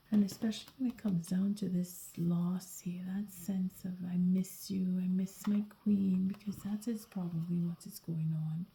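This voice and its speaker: A sleepy woman gives a whispered tarot reading late at night, her hushed voice dark and mellow with a gravelly edge. She talks in soft, halting half-sentences and often restarts. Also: lowish voice, slight background noise, low-quality recording. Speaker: tarot reader.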